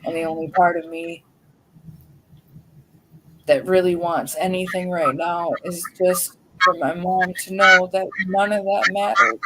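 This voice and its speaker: A young woman speaking heartfelt and halting about her late mother, at times swearing, as a grieving daughter on a livestream. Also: lowish voice, fairly even intonation, noisy background. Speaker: grieving daughter sharing a memorial tribute. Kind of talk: emotional personal talk on a livestream.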